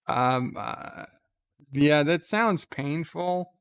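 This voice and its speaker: A man hosts a casual livestream, answering viewer letters with joking advice. He speaks slowly and hesitantly, with lots of "uh" and restarts, in a smooth, clear voice. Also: medium pitch, fairly even intonation, a bit bright. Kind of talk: casual live-stream chat.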